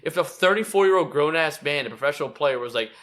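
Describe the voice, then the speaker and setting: A man with a bright, edged voice talks sports on a casual podcast. He mocks players with plenty of swearing and acts out their lines in quoted voices. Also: fairly high pitch, animated, fast. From Philadelphia area. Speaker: podcast co-host.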